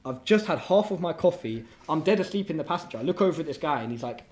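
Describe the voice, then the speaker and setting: Young man, rapid-fire delivery, slightly high voice, animated slangy storytelling. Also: a loud crowd. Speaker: guest entrepreneur. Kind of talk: casual storytelling chat.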